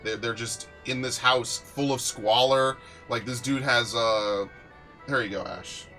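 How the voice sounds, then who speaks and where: A man's voice: medium pitch, a little slow, soft background music. A young man streaming a game, telling stories in casual, profane chat with a friend. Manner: animated, profane storytelling.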